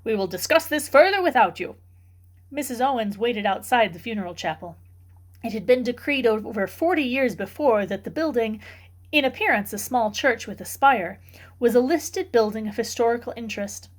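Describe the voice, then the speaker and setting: A woman reading a novel aloud for a book club, in steady, clear storytelling narration. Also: fairly high pitch, moderate pace.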